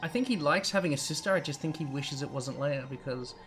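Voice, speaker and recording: A young gaming channel host gives casual let's play commentary over a video game, speaking briskly in a somewhat bright, highish voice. He rambles, jokes, and interrupts himself, with a little hiss or hum on the recording.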